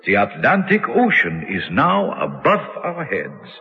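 A formal, steady scholarly uncle. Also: male voice, medium pitch, vocal fry, exaggerated voice. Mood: reassuring. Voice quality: measured, formal, reassuring. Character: older scholarly uncle leading expedition, steady, faithful. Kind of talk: 1950s radio drama acting. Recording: tinny, echoey old radio recording.

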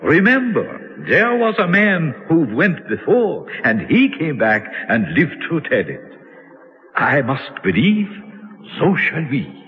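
A formal, steady scholarly uncle. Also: male voice, a little high, a little hiss or hum, full character voice. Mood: reassuring. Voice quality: measured, formal, reassuring. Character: older scholarly uncle leading expedition, steady, faithful. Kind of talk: 1950s radio drama acting. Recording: tinny, echoey old radio recording.

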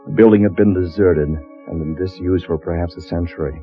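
Nervous time traveler who also narrates, very deep voice, thin phone-like radio sound with loud music under him. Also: male voice, fairly even intonation, a little fast. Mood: somber narration. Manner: wary, hushed questions, somber narration. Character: uneasy male time traveler, companion and narrator. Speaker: narrator and character in a radio play. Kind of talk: 1950s radio drama acting and narration. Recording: tinny old radio broadcast with loud music.

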